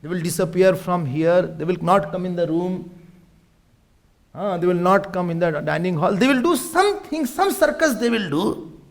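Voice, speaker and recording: A man acting as a swami gives a humorous scripture talk, acting out family quarrels and slipping into Hindi. His voice sits high and animated, at normal speed.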